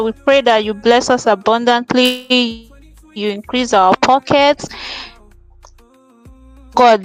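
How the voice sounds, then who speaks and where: Woman panelist praying out loud, rhythmic and fervent, bit high voice. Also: clear, resonant tone, rough recording. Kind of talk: spoken prayer on a live show.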